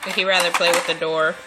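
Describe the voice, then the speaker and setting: A woman encouraging her baby at home, coaxing him in gentle, playful baby talk. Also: lowish voice. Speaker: parent playing with her baby. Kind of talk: home video, talking to a baby. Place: home, indoors. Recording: home video with background noise.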